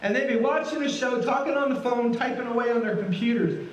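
A middle-aged guest pastor delivers a sermon in a high, lively, folksy voice, peppering listeners with questions. He sounds distant in a roomy church sanctuary, with faint congregational laughter behind him. His pace is fairly quick and the audio dull.

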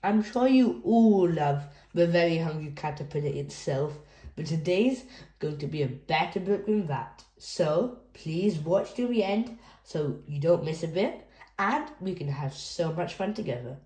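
A woman reads children's picture books aloud at an unhurried, deliberate pace, her voice sitting a little low. She speaks in a sing-song way and talks straight to her young listeners. The room around her is noticeably echoey. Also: expressive, warm tone. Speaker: children's book reader.

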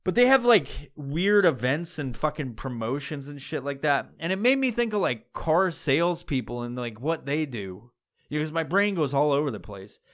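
A man's voice: a little high, sing-song, moderate pace, fairly bright tone. A man hosting a solo podcast, rambling in casual talk with heavy swearing and frequent laughs. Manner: rambling and heavily profane, laughs often. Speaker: podcast host.

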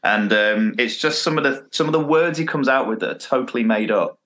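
A man's voice: mid-range voice, a little fast, fairly bright tone. A British man on a podcast, chatting casually and animatedly acting out quoted lines. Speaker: podcast co-host. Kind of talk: casual chat.

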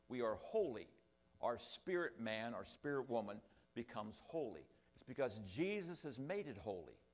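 Older male pastor, rambling sermon. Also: mid-range voice. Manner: rambling, self-deprecating asides. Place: church sanctuary.

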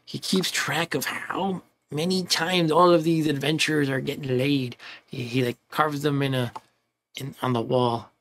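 In casual let's-play commentary, a man with a medium-pitched, slightly bright voice rambles over his own game playthrough. He chuckles now and then and reads game text aloud.

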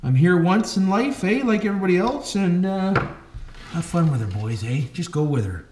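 His high-sitting, slightly mellow voice has lively intonation at normal speed. He's a Canadian hobbyist hosting his channel, narrating work on an RC truck in a folksy, joking way full of "boys" and "why wouldn't we," amid echo and background noise.

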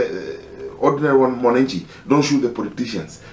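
A man with a Kenyan accent making an impassioned, halting personal appeal, pleading and repeating himself. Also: medium pitch, lively intonation, darkish tone, roomy sound. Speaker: concerned citizen.

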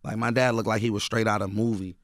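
A man's voice: fairly low pitch, flat delivery, fast, no room sound, clean studio sound. A man from Oakland, a radio guest telling loose stories packed with "you know what I mean". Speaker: guest author and rapper. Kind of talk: casual radio interview. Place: radio studio.

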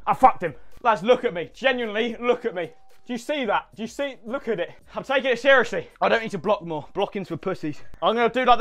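A young man doing excited gameplay commentary, boasting and trash-talking with heavy swearing. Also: very high voice. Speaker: YouTuber.

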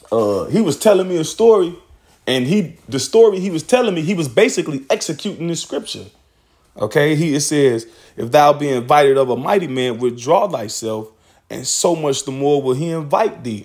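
A man's voice: mid-range voice, a little mellow. A man teaching scripture in a loose, casual way, swearing and laughing often as he reads verses aloud.

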